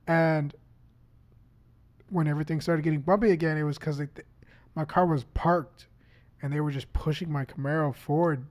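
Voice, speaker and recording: A man who is a podcast guest, telling a story in casual chat, animated and profane, acting out what people said. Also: fairly high pitch, normal speed, pauses often.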